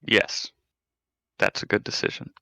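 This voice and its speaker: A man's voice: a little slow, pushed and bright, no echo. A man playing in a tabletop game, wary and reluctant about the plan. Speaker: player.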